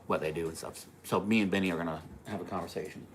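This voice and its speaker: A man's voice: sits low, steady tone, fast, a little hiss or hum. A man hosting a casual livestream, rambling through a story, laughing at his own jokes and answering viewer comments. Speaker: livestream host.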